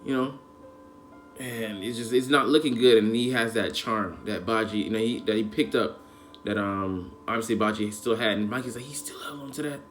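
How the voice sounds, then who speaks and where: A man's voice: on the low side, normal speed, fairly bright tone. A man giving a casual, emotional anime episode review, rambling in heavy slang with lots of fillers. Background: faint background music.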